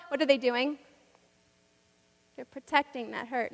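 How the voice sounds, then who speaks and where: A woman's voice: high voice, steady tone, a little slow, vocal fry, in a large hall. A woman preaching a sermon in a church, with rhythmic, repetitive and emphatic delivery.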